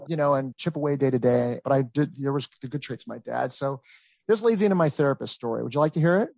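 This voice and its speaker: A man in his thirties telling a long family story in casual chat, rambling and animated, with many fillers. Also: medium pitch, fast talker, vocal fry, no room sound. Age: 30s. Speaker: storyteller guest.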